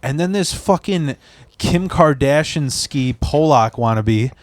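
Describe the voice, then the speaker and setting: A podcast host from the Chicago area who tells a long story in a casual, profane, rambling way. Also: male voice, on the high side, lively intonation, takes it slowly, no room sound. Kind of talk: casual chat.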